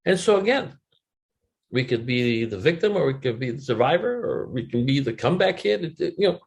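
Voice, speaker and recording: A man's voice: mid-range voice, very animated, a little fast, gravelly. A middle-aged man giving a motivational webinar talk, telling a candid, emotional personal story with loose swearing. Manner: quotes others in changing voices, rises and falls in loudness.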